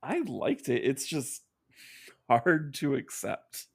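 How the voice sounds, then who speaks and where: A man's voice: mid-range voice, lively intonation, slow pace, creaky, husky. A man as a podcast guest, talking in a sarcastic, rambling way that keeps restarting. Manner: sarcastic, rambling, self-interrupting. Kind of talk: casual podcast chat.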